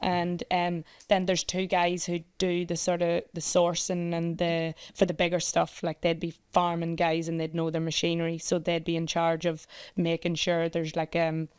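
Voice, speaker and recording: An Irish woman talking as a podcast guest about running a competition page, chatty and animated, laughing often. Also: fairly low pitch, normal speed, hardly any pauses, clean tone. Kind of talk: casual chat.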